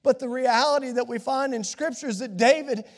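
High-voiced man preaching in a reverberant church. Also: fairly quick. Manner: impassioned preaching, swings from hushed to shouting. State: scratchy throat from a cold. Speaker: pastor. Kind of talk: sermon. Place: church sanctuary. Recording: long reverb of a large hall.

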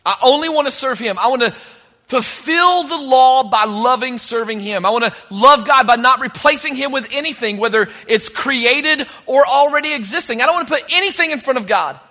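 A man's voice: very high voice, fairly quick, pushed and bright, long reverb tail. A man preaching a sermon as pastor, conversational and joking between points.

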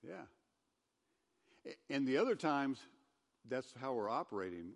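A man giving a conversational sermon as a pastor, who gets loud and emphatic when he reads scripture aloud. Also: mid-range voice, very animated, moderate pace, long pauses, long reverb tail. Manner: conversational preaching, rising to loud scripture reading.

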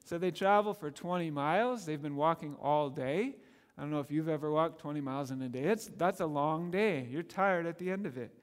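Guy preaching, chatty and animated, kinda high voice, long echo of a big hall. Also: fairly quick, smooth. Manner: conversational, animated, laughing often, acting out quoted lines. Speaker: pastor. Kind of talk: sermon.

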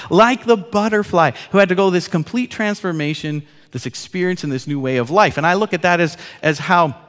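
A man in his forties preaching a sermon as pastor, telling stories with laughs and swinging from loud to soft. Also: sits high. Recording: long hall reverb.

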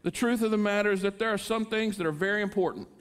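Middle-aged male pastor with a high voice, earnest sermon delivery that climbs into passionate pleading. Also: steady tone, fast, clean tone. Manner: earnest preaching, rising to impassioned pleas.

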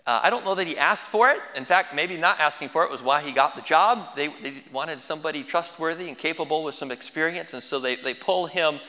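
A man's voice: a little high, fairly quick, hardly any pauses, pushed and bright, in a large hall. A man preaching a sermon as pastor, folksy with dry humorous asides.

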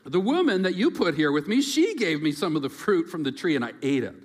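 A man's voice: a little high, very animated, brisk, pitched above the performer's own voice. A preacher voicing the first man as a flustered, defensive figure shifting blame.

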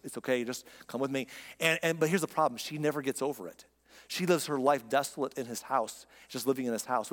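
Speaking at a medium pitch in a big, roomy acoustic, a man preaches as pastor, addressing the congregation conversationally and with emphasis while asking rhetorical questions.

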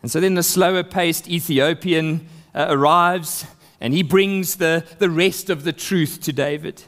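High-voiced man preaching a sermon. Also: fairly even intonation, a little slow, fairly bright tone. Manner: expository preaching, reads scripture aloud with rising emphasis.

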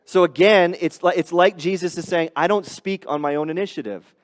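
A man's voice: high voice, fairly quick, in a large hall. A man preaching a sermon as pastor, earnest and explanatory, often restarting phrases and rising on emphatic points.

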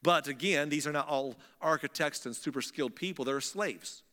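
A man's voice: fairly high pitch, moderate pace. Man preaching in an echoing hall. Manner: lively storytelling, conversational. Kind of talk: sermon retelling scripture.

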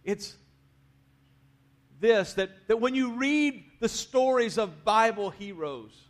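Male pastor, fairly high voice, casual sermon delivery, quiet phrase endings with bursts of urging. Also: animated, slow. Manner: conversational preaching, drops to quiet endings, rises to urge the crowd. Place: church sanctuary.

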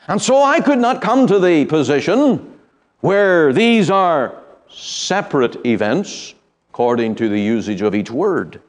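A middle-aged man from the United Kingdom teaching a Bible study, speaking in an earnest, measured way with frequent pauses and fillers. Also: fairly high pitch, big pitch swings.

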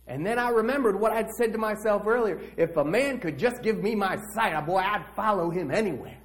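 A man playing a streetwise blind beggar who tells his own story in a church monologue, slangy and animated. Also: sits high, a little fast. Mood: excited. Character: streetwise blind male beggar, brash and eager. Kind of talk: dramatic monologue in a church service.

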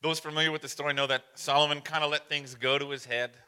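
A man preaching a sermon, telling stories in a relaxed, self-deprecating way with many fillers. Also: fairly high pitch, fast, smooth, in a large hall. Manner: casual storytelling with fillers and self-deprecating humor. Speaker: pastor.

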